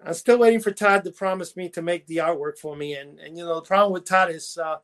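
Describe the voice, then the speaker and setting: A man's voice: high voice, quick pace, fairly bright tone. A man co-hosting a casual chat show, rambling through his stories with restarts and laughing at his own jokes. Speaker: podcast co-host.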